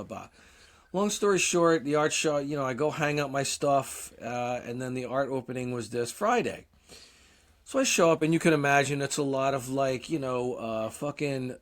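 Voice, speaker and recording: A man in his forties, co-hosting a podcast, telling a long casual story, swearing often and mocking himself. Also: mid-range voice. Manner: profane, self-deprecating storyteller. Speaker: podcast co-host.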